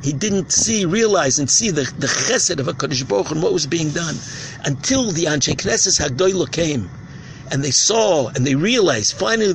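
Impassioned high-voiced Yeshivish rabbi preaching. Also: male voice, slight background noise, low-quality recording. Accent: Yeshivish English with Ashkenazi Hebrew pronunciation. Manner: impassioned storytelling, acts out shouted cries. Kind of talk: sermon.

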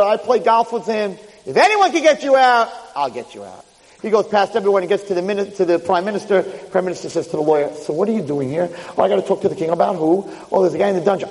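A man's voice: on the high side, dark tone. A man giving a storytelling sermon, acting out the characters of his tale in shifting voices. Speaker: rabbi giving a lecture. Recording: hall reverb.

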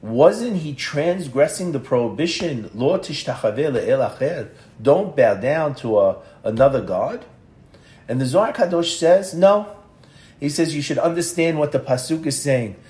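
An older man teaching a Talmud passage as a lively story, acting out the voices in it. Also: on the high side, reverberant. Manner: lively storyteller, acts out voices, sprinkled with Hebrew terms. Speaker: Torah teacher. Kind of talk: animated Talmud storytelling class.

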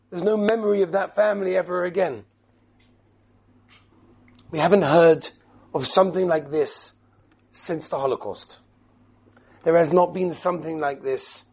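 Husky high-voiced impassioned preacher man. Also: a little mellow. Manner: impassioned, emphatic, dramatic pauses. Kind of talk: sermon. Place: study hall.

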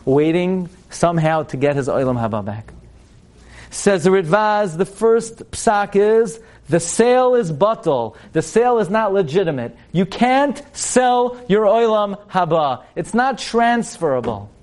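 A man teaching through an animated, dramatic story, speaking directly to his listeners. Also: fairly high pitch, a little slow. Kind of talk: storytelling lesson.

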